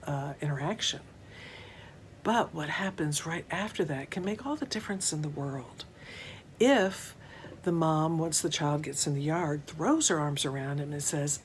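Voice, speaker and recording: A middle-aged woman who works as a mental health counselor, giving a conference talk in a gentle, measured way with unhurried pauses. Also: low-pitched, slight background noise.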